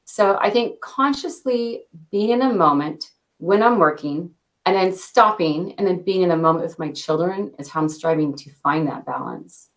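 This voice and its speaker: Woman, thirties, quick cadence, light laughs, fairly low voice, corporate interview guest. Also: lively intonation. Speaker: interview guest, product launch director.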